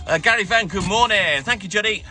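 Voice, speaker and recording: A middle-aged man with a high, sharp-toned voice chats casually on a live stream. He's a self-employed milkman out on his night delivery round, greeting viewers and handling comments between stops.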